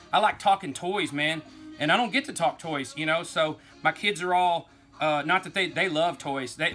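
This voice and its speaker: East Texas man, toy vlogger, bright and forceful tone, easygoing and rambling. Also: sits high. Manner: rambling, folksy, says y'all, laughs easily. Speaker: toy collector vlog host. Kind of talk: casual rambling toy talk.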